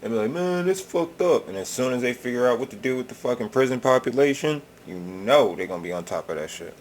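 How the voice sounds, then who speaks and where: A man's voice: medium pitch, quick pace, a little hiss or hum. A man hosting a reaction video, rambling casually and swearing often in a laid-back drawl.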